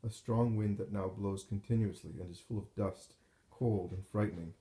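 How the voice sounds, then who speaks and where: Solemn low-voiced male reader. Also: warm tone. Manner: slow, solemn, measured reading. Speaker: narrator. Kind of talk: devotional reading of a religious text. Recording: roomy echo.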